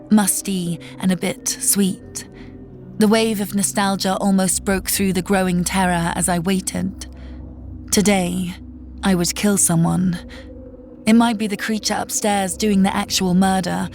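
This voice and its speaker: A woman reading a first-person horror story in a tense, measured storytelling manner. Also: medium pitch, a little mellow. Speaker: narrator. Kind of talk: scripted horror narration. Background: faint music.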